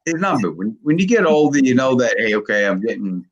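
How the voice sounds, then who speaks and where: A man in his sixties with a gravelly voice, rambling and swearing constantly in casual chat. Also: mid-range voice, big pitch swings, brisk, highs cut off. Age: 60s. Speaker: video creator on a live call.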